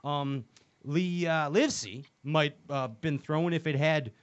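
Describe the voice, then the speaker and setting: A man's voice: fairly high pitch, unhurried, clear, resonant tone, muffled recording. A man hosting a casual comedy show, rambling and joking with many fillers and restarts. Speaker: show host.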